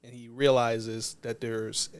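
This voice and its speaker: A man's voice: mid-range voice, little pitch movement, takes it slowly. A man, a non-profit co-founder, telling a personal story in a casual interview in an earnest, reflective way.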